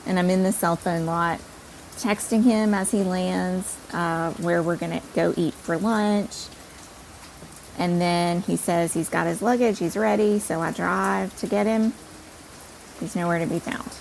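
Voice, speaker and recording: Woman telling a funny story on her podcast, kinda gravelly, lively and poking fun at herself. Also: on the low side, a little slow, a little hiss or hum, rough recording. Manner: animated, self-deprecating storyteller. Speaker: podcast host. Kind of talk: personal storytelling.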